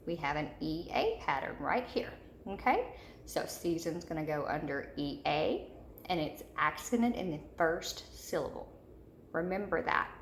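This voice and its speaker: A woman with a slightly low, gravelly voice teaches a recorded spelling lesson for third graders. She repeats each word slowly and patiently. The room is echoey, with a faint hiss behind her. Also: lively intonation.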